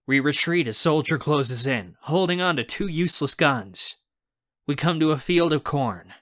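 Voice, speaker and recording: A man narrating a young adult audiobook in the first person, with a bright, forceful tone. He reads expressively and shapes each scene. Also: on the high side, lively intonation, moderate pace.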